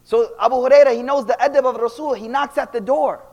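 High-voiced young man, echoing hall. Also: fast talker, dull audio. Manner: animated, slangy, shifting loud and quiet. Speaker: speaker giving an Islamic talk. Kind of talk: casual storytelling lecture. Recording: long reverb of a hall.

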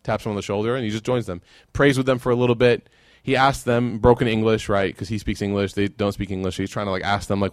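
A man's voice: mid-range voice, fast, dry recording, clean studio sound. A man giving a sermon, telling a story and then closing in fervent prayer. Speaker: preacher.

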